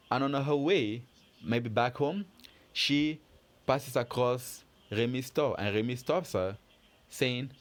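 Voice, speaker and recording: A man teaches a French lesson in a plain mid-range voice. He is patient and methodical and keeps quizzing his listeners with little questions. The pace is steady and the tone is level throughout. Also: medium pitch. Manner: patient, methodical, asks learners questions and answers them. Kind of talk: lesson explanation for learners.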